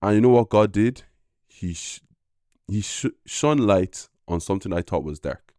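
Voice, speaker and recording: A young man, a podcast guest, telling a personal faith story in an earnest, halting way with many fillers. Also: on the low side, animated, warm tone, dry recording, clean studio sound. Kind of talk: casual personal testimony.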